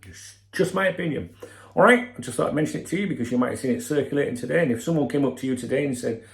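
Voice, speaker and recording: A man's voice: mid-range voice, animated, very fast, gravelly, roomy sound. A man hosting a football channel, giving a blunt, sweary opinion rant straight to his viewers. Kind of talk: casual opinion commentary.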